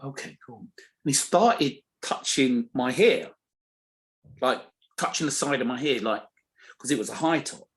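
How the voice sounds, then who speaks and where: A man, a comedian guest, telling a casual story and acting out the people in it with big jumps in his voice. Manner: animated, acts out quoted voices with big pitch jumps.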